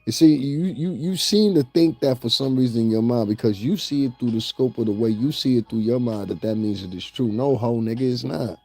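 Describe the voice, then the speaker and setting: A man's voice: mid-range voice, fairly quick, few pauses, warm tone, faint music behind. A man giving profane, mocking celebrity gossip commentary and laughing at his own jokes.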